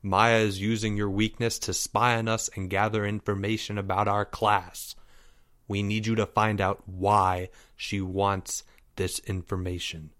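A man's voice: fairly low pitch, flat delivery, measured pace, a bit bright, no room sound, clean studio sound. A man reading a story aloud, voicing a bossy fifth-grade boy who snaps orders. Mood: stern. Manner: snapping, stern, commanding.

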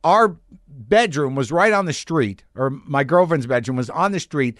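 A man's voice: a little high, expressive, moderate pace, dry recording, clean studio sound. A man in his forties hosting a podcast from his garage, telling a rambling, profane story and questioning himself as he goes. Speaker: podcast host. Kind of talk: casual monologue. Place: home garage studio.

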